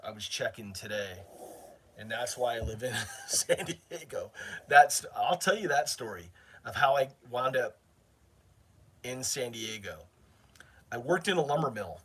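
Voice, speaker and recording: A man's voice: mid-range voice, animated, measured pace, a bit bright, breathy edge. Chatty man telling a long story. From northern Maine, USA. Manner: rambling, chatty, self-interrupting. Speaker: channel host. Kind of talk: casual storytelling to a live chat.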